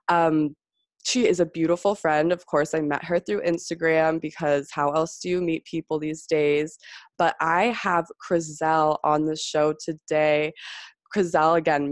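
A woman with a low-pitched voice hosts a casual podcast. She gushes with enthusiasm and fills her talk with "like" and "you guys." The sound is dry and close, with no room around it. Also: no room sound. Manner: gushing, effusive, says "like" and "you guys" often. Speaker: podcast host.

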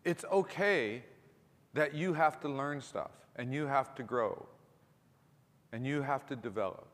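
A middle-aged man preaches a sermon in a relaxed, conversational way, often doubling back on his words and slipping in asides. His voice is in the middle of the male range. It rings out with a long reverb, as if he is recorded across a big church hall. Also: mid-range voice, normal speed. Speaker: pastor.

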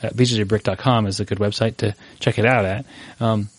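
A man co-hosting a podcast in a relaxed, chatty way, teasing his partner. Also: fairly low pitch, brisk, no room sound. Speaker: podcast co-host. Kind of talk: casual podcast chat.

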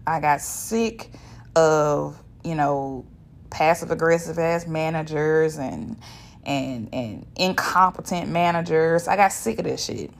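A woman's voice: low voice, slow pace, vocal fry, slight background noise. A woman, hosting a podcast as a blunt, profane solo monologue. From Shreveport, Louisiana, US. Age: 30s. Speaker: podcast host.

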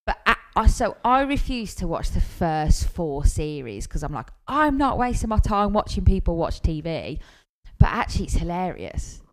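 A woman's voice: on the low side, very animated, moderate pace. A woman from the north of England, chatting casually as co-host and explaining British things. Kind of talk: casual podcast chat.

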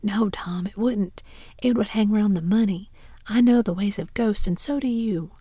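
A woman's voice: mid-range voice, moderate pace, mellow, slightly rough, no echo, clean studio sound, close to an everyday voice. A woman whispering the part of a superstitious, jittery boy in a whispered role-play, with a shaky, wary, folksy way of talking. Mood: scared.

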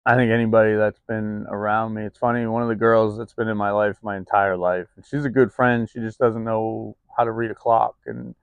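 A man with a low, gravelly voice talks in a loose, confessional vlog, full of ums and restarts. The sound is close and dry, recorded outdoors in the cold. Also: flat delivery, brisk, hardly any pauses, no room sound. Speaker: vlogger. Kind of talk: candid personal vlog.

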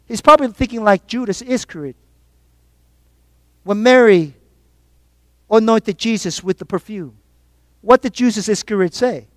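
A man preaching a sermon to his congregation, calling out for responses and swinging between quiet reflection and loud exhortation. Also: high-pitched, expressive, a little slow, long pauses, dry recording. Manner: call-and-response preaching, rising and falling in force. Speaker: pastor.

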